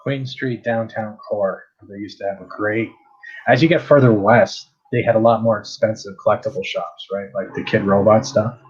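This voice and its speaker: Husky man chatting over a dull call. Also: fairly low pitch, steady tone, moderate pace. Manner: joking, blunt, teasing. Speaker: stream guest. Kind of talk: casual group chat on a livestream.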